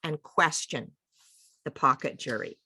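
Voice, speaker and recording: Woman running a book group, lowish voice but bright, lots of up and down, slow on the key words. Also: sing-song, vocal fry, slightly rough. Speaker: discussion leader. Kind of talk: leading a group book discussion.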